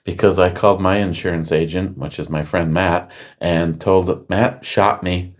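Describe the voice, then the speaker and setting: A middle-aged man with a fairly low voice holds forth on a casual talk show. He rambles through long anecdotes and throws himself into quoting others, his voice jumping up as he plays out each exchange. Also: steady tone, moderate pace. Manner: rambling storyteller acting out quotes loudly. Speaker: podcast host. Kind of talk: casual chat.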